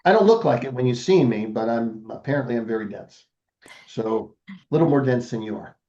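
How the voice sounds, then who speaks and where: A man's voice: medium pitch, lively intonation, brisk, mellow, lo-fi sound. An older man, a podcast guest, telling a family story in a casual interview and acting out the voices of the people in it.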